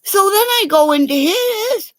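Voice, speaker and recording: A woman in a rambling, profane livestream rant that breaks into sudden shouting. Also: extremely high pitch, expressive, measured pace. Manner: profane, erratic, bursts into shouting.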